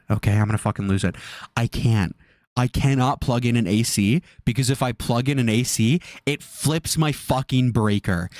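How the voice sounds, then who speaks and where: A streamer in his twenties rants through livestream commentary from his bedroom, exasperated and profane, with a fan blowing. His voice is fairly high, recorded at studio quality with no room sound.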